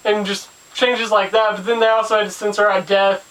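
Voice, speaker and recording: A man's voice: high-pitched, level tone, brisk, a bit bright, recorded from a distance, rough recording. A man hosting a casual video review of an old cartoon, chatty and full of jokey asides. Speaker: show host and reviewer.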